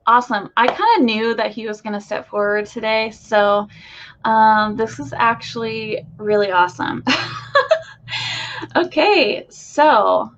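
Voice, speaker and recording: A woman's voice: on the high side, measured pace, slight background noise. A woman hosting a live stream as a spiritual channeler, talking casually to viewers with lots of fillers. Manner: chatty, loose, many fillers. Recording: dull lo-fi stream audio.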